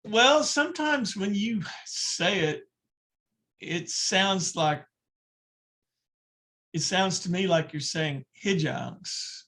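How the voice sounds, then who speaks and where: A man's voice: high-pitched, animated, slow pace, pauses often, bright, forceful tone. A man in a language class, speaking hesitantly about how a word sounds to him. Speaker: student.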